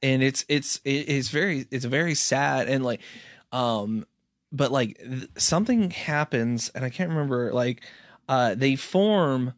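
A man co-hosting a casual chat, talking in a halting way with many fillers and restarts. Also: medium pitch, dry recording, clean studio sound. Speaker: podcast co-host. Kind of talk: casual chat recapping a cartoon episode.

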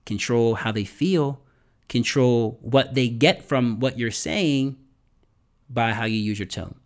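A man's voice: medium pitch, slow. A man hosting a podcast and giving motivational tips on public speaking, emphatic and repetitive, often checking in with "right?" and sometimes dropping to a whisper for effect. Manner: emphatic, repeats points, asks "right?" often. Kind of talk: motivational talk to camera.

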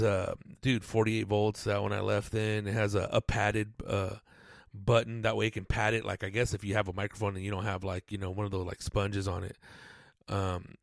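A man rambles through a casual podcast monologue, cursing freely and tossing in fillers. His voice sits a little low and has a gravelly rasp. The sound is dry and close, with no room echo. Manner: rambling, profane, laid-back, lots of "dude" and fillers. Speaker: podcast host.

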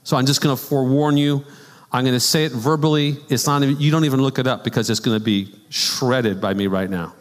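In a church sanctuary with long hall reverb, a man of medium pitch preaches fairly quickly. His conversational sermon is animated storytelling, dotted with casual asides and laughs.

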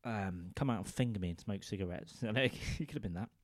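A man rambles through a crude comic tale on a studio microphone, often checking in with whoever's listening. His lowish voice runs a little fast, and the recording is dry.

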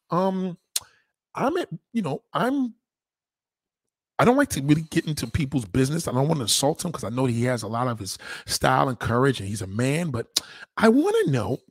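A man voicing a polite, chatty woman who is buying a car, speaking in a high, mincing voice. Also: wildly swooping pitch, normal speed, husky, dry recording, clean studio sound, exaggerated voice. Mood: inquiring. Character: prim middle-aged woman car buyer, polite.

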